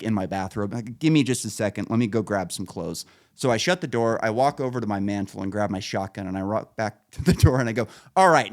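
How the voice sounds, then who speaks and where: A man hosting a podcast, telling rambling, profane stories in casual chat and laughing at his own punchlines. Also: mid-range voice. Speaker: podcast host.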